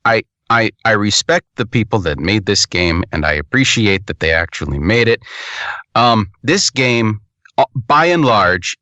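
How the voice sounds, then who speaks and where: A man with a fairly low, sharp-toned voice, recorded dry, co-hosts a podcast and reviews a game. His talk is rambling and casual, sometimes profane, and full of restarts.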